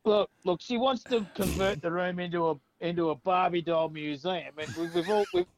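A man's voice: high-pitched, moderate pace, a little hiss or hum. A man putting on a crude, blokey middle-aged Australian dad who rambles, stammers and swears, with an Australian accent. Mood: rowdy.

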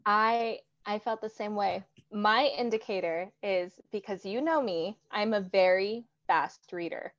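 A young woman joins a casual book chat as a guest, friendly and playful with emphatic delivery. Her voice sits mid-pitched. The recording is dry and a little muffled. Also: measured pace, few pauses, no room sound. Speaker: podcast guest.

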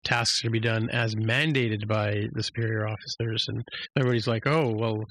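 A man's voice: lowish voice, little pitch movement, fairly quick, a bit bright, a little hiss or hum, rough recording. A man hosting a podcast, giving a rambling, casual recap of a TV episode with lots of restarts, fillers and snippets of acted-out quotes. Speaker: podcast host.

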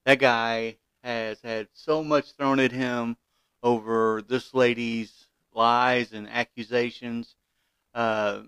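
Male podcast host, opinionated commentary, smooth voice, indignant with stumbling restarts. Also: mid-range voice, no echo. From Kentucky, USA.

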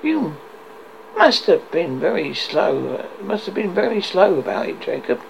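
A man's voice: high voice, big pitch swings, normal speed, gravelly, slight background noise, voice pushed up, heavily acted, rough recording. A man voicing a frightened old miser who pleads and falters. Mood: pleading.

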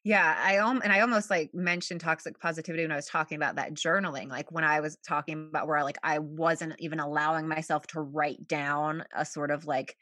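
A woman's voice: low voice, steady tone, brisk, few pauses, pushed and bright, no echo, clean studio sound. A young woman, a podcast guest, talking casually about feelings with lots of filler words and easy laughs. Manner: chatty, many "like" fillers, laughs often. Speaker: podcast guest, journal creator.

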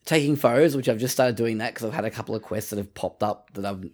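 A man's voice: medium pitch, fast talker. A man co-hosting a podcast in casual chat, swearing freely and acting out his own reactions. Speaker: podcast co-host.

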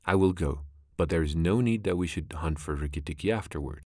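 A man voicing a large, deadly male cobra in a storybook reading, slow and deliberate. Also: sits low, darkish tone, no room sound, clean studio sound. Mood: menacing.

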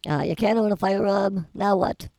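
A woman co-hosting a casual comedy podcast, telling a rambling story in a wry, deadpan way. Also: medium pitch, normal speed, no echo, low-quality recording. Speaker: podcast co-host.

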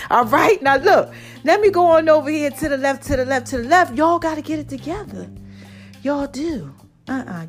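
High-voiced woman podcaster. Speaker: podcast host. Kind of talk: casual motivational monologue.

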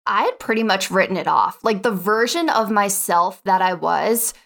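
A young adult woman guest on an interview show, telling her story in a chatty, lively way and filling it with "like.". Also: mid-range voice, moderate pace, creaky. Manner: chatty, lively, acts out quotes, says "like" a lot. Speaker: podcast guest, online spreadsheet teacher. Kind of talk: animated personal storytelling.

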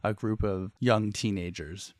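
A man's voice: fairly low pitch, fairly even intonation, measured pace, a little mellow, dry recording, studio quality. A man co-hosting a podcast, chatting about a TV episode in an easygoing, agreeable way and laughing along. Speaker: podcast co-host. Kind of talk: casual recap chat.

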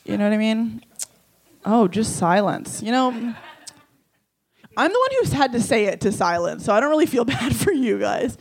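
A woman in her twenties doing a self-deprecating stand-up comedy set in a small bar, delivering deadpan punchlines and breaking into giggles. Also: a little high, a little slow, vocal fry.

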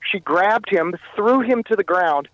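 A Canadian man tells his story as a guest in an interview, halting and often circling back to repeat himself. His voice sits a little high for a man. It comes over a dull, muffled line with no room sound around it. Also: expressive, fairly bright tone, no room sound. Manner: halting, repeats and restarts phrases. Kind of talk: telling a personal story in an interview.

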